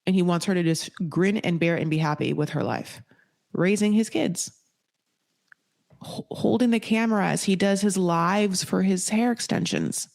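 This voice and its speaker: Woman, podcast host, slightly low voice, blunt, profane, casual recap chat. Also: moderate pace, vocal fry, a little mellow. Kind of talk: casual reality-TV recap commentary.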